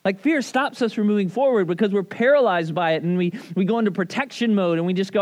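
A man preaching a casual sermon, talking to a congregation in a loose, animated way full of asides and questions. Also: sits high, fast, hardly any pauses. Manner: conversational, animated, lots of "like" and "right?". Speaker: pastor. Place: church service.

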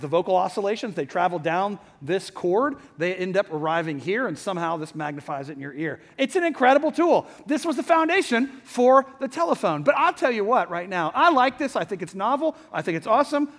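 A middle-aged man preaching a sermon to a hall audience, chatty and lively, often asking the crowd questions. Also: high voice. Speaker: pastor. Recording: long hall reverb.

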